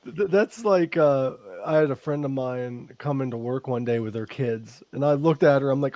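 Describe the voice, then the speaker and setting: A man's voice: mid-range voice, moderate pace, few pauses, darkish tone, a little hiss or hum. A man hosting a podcast, teasing his guest and laughing through crude jokes. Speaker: podcast host. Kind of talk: casual crude podcast banter.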